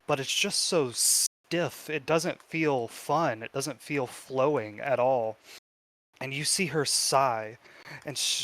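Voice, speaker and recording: A man narrating a tabletop game as game master with slow, descriptive storytelling. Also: medium pitch, a bit bright.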